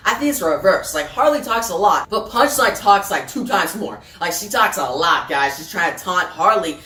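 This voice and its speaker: A man's voice: high-pitched, lively intonation, moderate pace, bright, forceful tone. A man casually recapping a comic book story for his viewers, rambling with lots of fillers and calling them guys. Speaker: comic book video host. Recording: roomy, distant mic, faint music.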